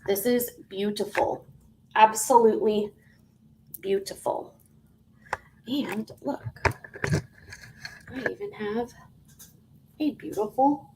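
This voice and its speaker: A woman selling jewelry on a live stream, chatty and unhurried, dropping to soft half-whispers and breaking into sing-song greetings. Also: a little high, slight background noise, rough recording. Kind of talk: live auction sales stream.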